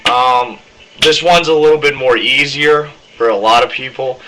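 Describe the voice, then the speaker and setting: A man's voice: medium pitch, sharp tone, slight background noise, rough recording. A young man casually explaining how he does his screamed metal vocals, rambling with lots of ums. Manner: rambling, many ums, demonstrates harsh screams. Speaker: vocalist teaching screaming technique.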